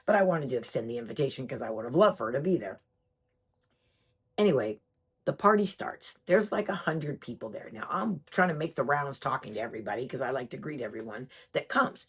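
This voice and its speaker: Low, husky woman telling a story. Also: fairly quick. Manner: animated, chatty, emphatic. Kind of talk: personal storytelling.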